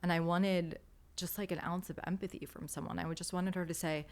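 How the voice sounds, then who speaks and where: A woman's voice: on the low side, fairly even intonation, fairly quick. A woman in her thirties, a podcast guest, telling a candid, emotional story with many fillers.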